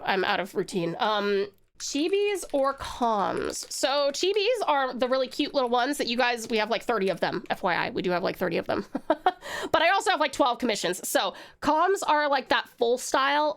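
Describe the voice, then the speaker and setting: A woman's voice: a little high, a bit bright. A woman from Tasmania chatting casually with her viewers on a livestream while she draws, rambling and talking straight to the chat. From Tasmania, Australia. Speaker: livestreamer and artist.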